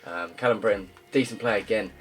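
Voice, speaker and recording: A young gaming YouTuber with a low-pitched voice gives casual gameplay commentary, chatty and rambling but brisk. He fills his talk with ums and uhs and loud, upbeat greetings, with faint, soft guitar music under him.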